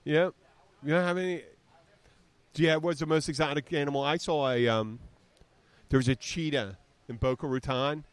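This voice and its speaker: A man's voice: a little high, moderate pace, smooth. Rambling, profane man telling stories. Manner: rambling, profane, acts out quotes. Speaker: podcast co-host. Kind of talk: casual storytelling chat.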